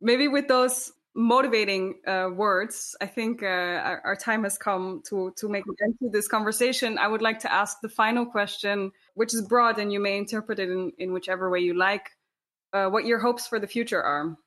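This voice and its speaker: A woman's voice: medium pitch, a bit bright. Hesitant woman interviewer. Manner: hesitant, halting with repeated words.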